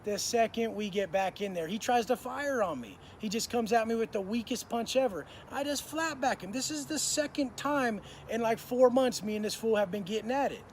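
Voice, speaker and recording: With a very high voice, this man in his thirties talks at normal speed and barely pauses while recounting prison stories on camera. The telling is casual, blunt, and thick with swearing and slang, over slight background noise.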